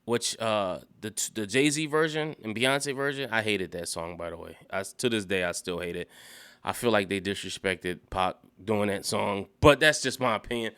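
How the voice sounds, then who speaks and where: A man's voice: on the low side, moderate pace, fairly bright tone, clean tone. A man giving casual solo commentary, thinking aloud and rambling with many fillers and restarts.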